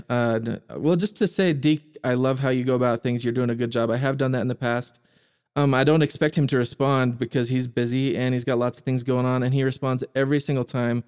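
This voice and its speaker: A man's voice: medium pitch, clear, resonant tone. A man hosting a podcast who talks casually, often hesitating and restarting with fillers. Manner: hesitant, halting, with many fillers. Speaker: podcast host.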